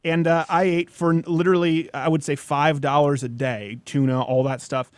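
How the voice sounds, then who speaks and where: A young adult man hosting a casual chat show, animated and joking, speaking into a studio mic. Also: a little high, normal speed, no room sound. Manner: animated, joking, mock-formal sign-off. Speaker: host.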